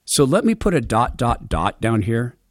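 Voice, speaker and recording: A middle-aged radio and podcast host tells his listeners a personal story on his show, speaking earnestly, heartfelt and conversationally with quick restarts. His mid-range voice is sing-song, and the studio sound is clean with no echo.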